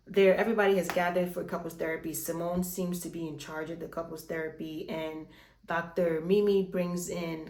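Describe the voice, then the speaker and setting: A woman's voice: lowish voice, reverberant. A woman recapping a reality show in casual chat, swearing freely and acting out the dialogue. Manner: animated, swears freely, retells scenes with dialogue. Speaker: recap host.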